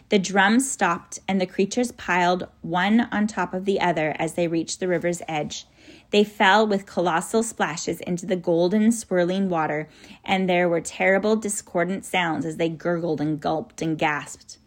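A woman in her fifties reads a children's storybook aloud. Her voice sits a little low, and her delivery is steady and expressive. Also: a little slow.

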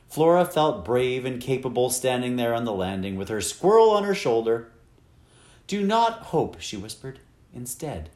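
A man reading a children's novel aloud with expressive, wide-ranging storytelling. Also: mid-range voice, echoey room. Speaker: audiobook narrator. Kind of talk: scripted narration.

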